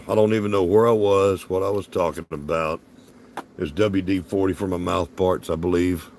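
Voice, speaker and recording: A man's voice: deep voice, darkish tone, a little hiss or hum. A man with a Southern US accent rambling in folksy, chuckling casual chat as a livestream host. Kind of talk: casual live-stream chat.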